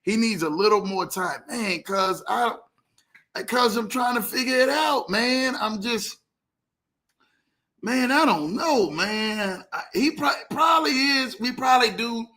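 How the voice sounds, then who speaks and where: A man hosting a casual livestream, animated, greeting viewers by name and telling stories in loose slang. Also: very high voice, measured pace. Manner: animated, reads out viewer comments, Southern US slang. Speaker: livestream host.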